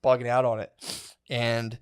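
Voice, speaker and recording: A man in the middle of a comedy podcast, spinning a long, wandering story. He talks in a loose, casual way, and "like" and "dude" fill nearly every phrase. His voice sits at an ordinary middle pitch, and the swearing comes out easily. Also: little pitch movement, moderate pace, clear, resonant tone.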